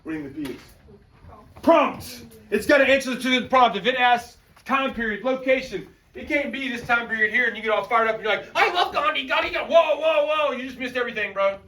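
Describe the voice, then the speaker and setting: High-pitched, energetic male teacher. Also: a little fast, recorded from a distance. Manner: energetic, slangy, calls on students. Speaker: high school history teacher. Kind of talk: classroom lecture. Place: classroom.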